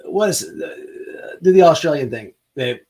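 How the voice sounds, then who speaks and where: A man's voice: lively intonation, normal speed, mellow. Rambling, profane male livestream host. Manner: mock sales pitch. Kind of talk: casual livestream chat.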